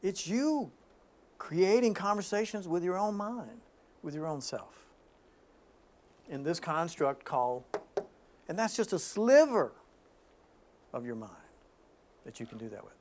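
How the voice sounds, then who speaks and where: A man hosting an informal spiritual talk, telling stories in an animated way with frequent restarts. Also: sits high, unhurried, long pauses, a little hiss or hum.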